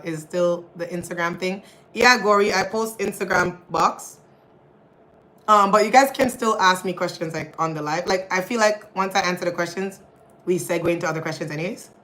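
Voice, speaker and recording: This livestream host is a young woman whose fairly low-pitched voice has a bit of brightness. She chats with her audience, reads comments, laughs frequently, and calls everyone y'all. A little hiss or hum comes through the low-quality recording.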